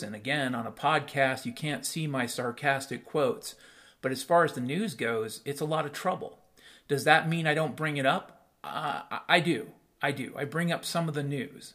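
A man's voice: medium pitch, fairly bright tone. A man hosting a solo podcast, talking straight to his listeners in a blunt, sarcastic rant full of swearing and rhetorical questions. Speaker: podcast host.

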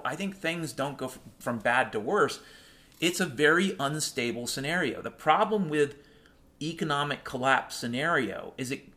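A fairly high-pitched man talking straight to his viewers in a blunt, profane monologue. He slows right down to hammer home each point. Soft piano music plays faintly underneath. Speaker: financial commentator.

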